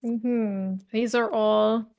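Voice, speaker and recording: Female co-caster, slow relaxed delivery, casual chat over the match. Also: fairly high pitch, vocal fry. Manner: relaxed, many "um" fillers, easygoing. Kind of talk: esports commentary chat.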